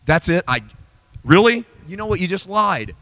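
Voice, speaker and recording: A middle-aged man preaching a sermon in a church, swinging from shouted, high-pitched peaks to low, quiet reflection. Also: sing-song, normal speed. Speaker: pastor.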